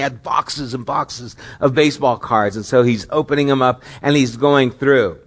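A man's voice: medium pitch, moderate pace, few pauses, breathy edge. Earnest middle-aged male pastor preaching. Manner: earnest, questioning, with rising emphatic stretches. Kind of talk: sermon.

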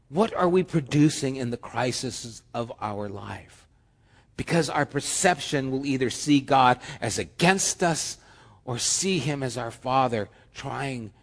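A male pastor preaching a sermon, animated, swinging between loud emphasis and soft, hushed lines. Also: mid-range voice, big-room sound.

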